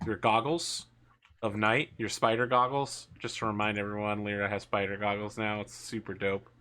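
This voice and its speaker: A man's voice: fairly low pitch, sharp tone, clear, resonant tone. A man running a tabletop game as game master, mixing teasing banter with scene narration.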